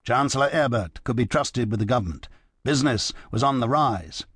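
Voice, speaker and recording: A man narrating an audiobook in a measured, even manner. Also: medium pitch, slightly rough, dry recording, clean studio sound. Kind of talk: scripted narration.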